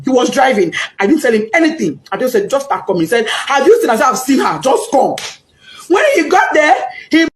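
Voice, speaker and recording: A middle-aged Nigerian woman giving impassioned, pleading testimony as a bereaved mother, switching into Yoruba and Pidgin. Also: a little high. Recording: echoey room.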